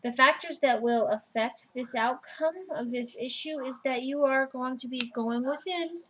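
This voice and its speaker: A woman's voice: high-pitched, unhurried, a bit bright, rough recording. A woman giving a personal tarot reading in a casual, blunt way, swearing freely as she goes through the cards. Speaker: tarot reader.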